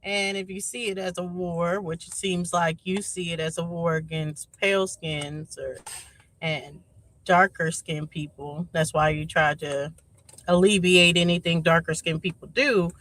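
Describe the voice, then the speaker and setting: A woman on a casual panel, arguing her point in a measured way. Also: fairly low pitch, fairly even intonation, fairly bright tone, poor audio. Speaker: panel participant. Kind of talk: heated casual panel debate.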